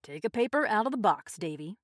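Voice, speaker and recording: Lady doing a brisk formal official guy running things, loud, swoopy. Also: mid-range voice, big pitch swings, no echo, studio quality, voice pushed up. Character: official man running a village lottery.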